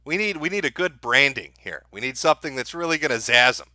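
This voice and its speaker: Sarcastic, foul-mouthed man with a bright voice. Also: medium pitch, lively intonation, fast talker, no room sound, studio quality. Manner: sarcastic, profane, laughing at his own jokes. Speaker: livestream host. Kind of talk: livestream rant reading super chats.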